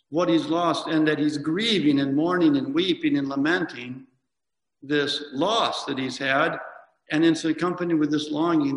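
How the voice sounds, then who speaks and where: A man preaches a reflective sermon in a slightly higher voice, pausing often and correcting himself as he goes. His words ring through a church with a long, echoing reverb. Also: fairly bright tone. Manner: reflective, reads hymns aloud with pauses and self-corrections. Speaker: priest. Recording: echoey church hall from a distance.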